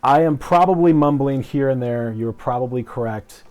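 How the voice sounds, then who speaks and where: A man's voice: medium pitch, moderate pace, a little mellow, soft background music. A man casually commenting while he plays a building game, mumbling, swearing and cracking jokes about himself, into a clip-on mic. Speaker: game streamer.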